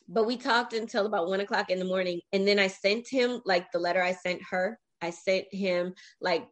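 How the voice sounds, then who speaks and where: A woman in her forties, a podcast interview guest, telling her own life story in an animated, emotional way with frequent restarts. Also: mid-range voice.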